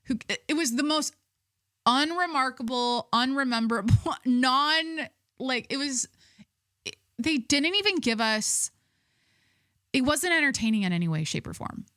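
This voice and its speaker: A woman's voice: high voice, expressive, measured pace, pauses often, a bit bright, dry recording, studio quality. A young adult woman hosting a podcast in casual, rambling chat, full of "like" and restarts. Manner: rambling, filler-heavy, self-interrupting. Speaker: podcast host.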